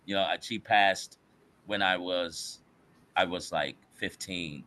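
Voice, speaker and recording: A man in casual podcast talk, an animated storyteller who uses slang and acts out other people's voices. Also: deep voice, takes it slowly. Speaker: podcast guest. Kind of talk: casual chat.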